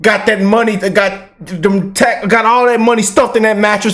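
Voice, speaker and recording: Man, high voice, animated reaction commentary, rapid bursts. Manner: excited, animated, talks fast in bursts, drawls slow commands. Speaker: commentary channel host.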